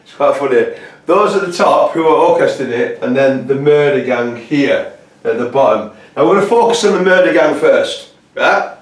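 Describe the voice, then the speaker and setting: A man giving a casual, rambling lecture to camera, halting often with fillers. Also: mid-range voice, lively intonation. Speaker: presenter. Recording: roomy echo, distant mic.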